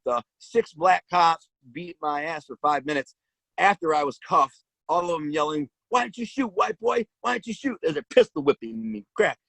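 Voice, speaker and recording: A man's voice: fairly high pitch, a bit bright, no room sound, rough recording. A man casually telling his own story in blunt street slang, with frequent restarts.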